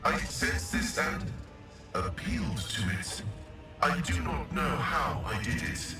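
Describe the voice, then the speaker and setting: A solemn cyborg tech priest in a video game, speaking through a vox synthesizer in formal, mechanical phrases. His voice booms with heavy echo from far away. Game music plays underneath it. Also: big pitch swings, takes it slowly. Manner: formal, stilted machine-like phrasing. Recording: very echoey distant voice over game music.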